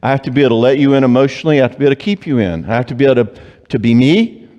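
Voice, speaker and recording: A man speaks as a Christian psychologist at a marriage conference. He is animated and joking, often slipping into quick voices for clients and spouses. His voice rings with the long reverb of a church hall. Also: medium pitch, highs cut off. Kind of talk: conference talk.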